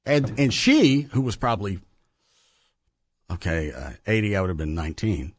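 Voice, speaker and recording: Lively rambling radio host man. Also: fairly low pitch, normal speed. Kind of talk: casual chat.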